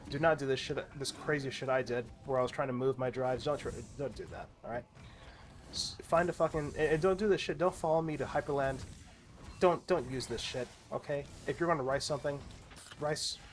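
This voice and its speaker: A man's voice: medium pitch, slight background noise. A man ranting casually and profanely while playing a game, exasperated and rambling with frequent stammers and restarts. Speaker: gaming video creator.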